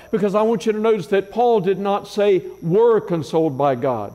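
A man preaching a sermon as pastor, measured and emphatic, driving points home with repeated phrases. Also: sits high, warm tone. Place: church sanctuary. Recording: long reverb in a large church hall.

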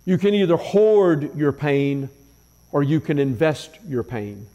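Male pastor, sermon, high voice, mellow tone, measured emphatic delivery, repeated phrases, long church-hall reverb. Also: animated, highs cut off. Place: church sanctuary.

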